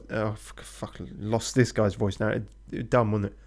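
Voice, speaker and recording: A man's voice: fairly low pitch, flat delivery, moderate pace, few pauses, a little mellow. A man streaming a video game live. He chats casually and offhandedly, swears now and then and mutters asides to himself.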